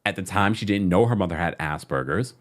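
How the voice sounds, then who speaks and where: A man hosting a casual reality TV recap, chatty and animated, repeating phrases for emphasis. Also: deep voice, fairly quick.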